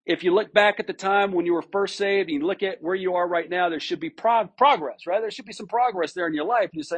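A pastor giving an informal, conversational sermon, often restarting phrases and asking the listeners "right?". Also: male voice, high voice, quick pace, hardly any pauses, slightly rough, dull audio.

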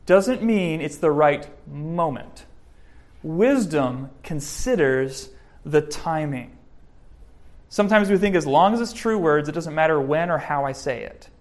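A man giving a sermon, preaching in a lively, joking way with lots of rises and drops in voice. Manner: lively, joking preaching, varied pitch and loudness. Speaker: pastor.

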